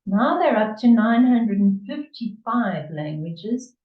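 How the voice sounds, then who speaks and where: Slow hesitant lady teacher, far off and muffled on a call. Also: mid-range voice, big pitch swings. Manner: unhurried, hesitant with many fillers. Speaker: English tutor. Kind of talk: conversation lesson, reading from an article. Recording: echoey, distant and muffled.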